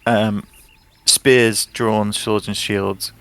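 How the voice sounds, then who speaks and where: Male game master, low gravelly voice, relaxed scene narration, soft music bed. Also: very slow, dry recording. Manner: relaxed, descriptive narration with fillers.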